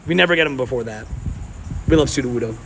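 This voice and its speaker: A medium-pitched man with a fairly bright tone and rapid delivery broadcasts live outdoors at a park near water. He's hot and sweaty, laughs frequently, and chats easily with his viewers over faint ambient outdoor noise.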